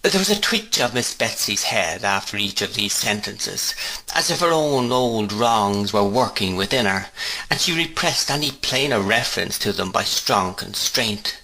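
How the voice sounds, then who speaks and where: Bright, expressive male storybook narrator. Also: on the low side, a little slow, low-quality recording. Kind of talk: storybook reading for learners.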